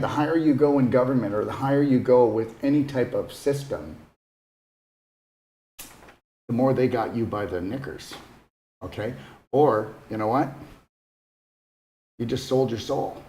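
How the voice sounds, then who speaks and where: A man's voice: mid-range voice, warm tone. A man giving a casual, earnest motivational talk as a wellness retreat host, coaxing his listeners and often checking in with "okay?". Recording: echoey room.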